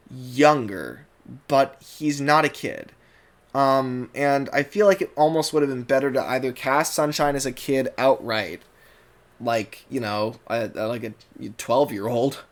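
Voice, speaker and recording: A man with a General American accent, giving a rambling casual commentary as a YouTube reviewer, full of fillers and restarts. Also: mid-range voice. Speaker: YouTuber reviewing a cartoon dub.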